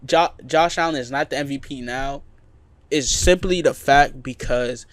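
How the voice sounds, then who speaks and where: A man's voice: medium pitch, normal speed, no echo. A man co-hosting a casual sports podcast, making his case with emphatic repetition. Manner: emphatic, repeats points for emphasis. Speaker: podcast co-host.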